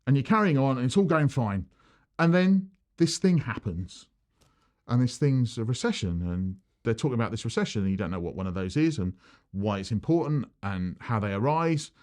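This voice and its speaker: Male accountant, animated talking-head advice, bouncy pitch, plays out mini dialogues. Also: normal speed. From United Kingdom. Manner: animated, acts out little dialogues with changing voices. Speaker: accountant giving business advice. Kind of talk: direct-to-camera advice video.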